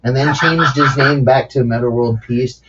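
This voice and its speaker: A man's voice: medium pitch, normal speed, a bit bright, breathy edge. A man hosting a casual podcast chat, speaking loosely with swearing and frequent laughter. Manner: casual, profane, laughs often. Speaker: podcast host. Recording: dull lo-fi sound.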